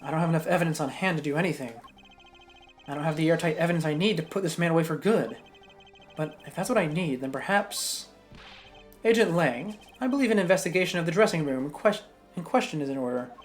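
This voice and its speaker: A woman voicing a composed male prosecutor from a game, speaking low, measured and serious. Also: lively intonation, soft background music. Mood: grave.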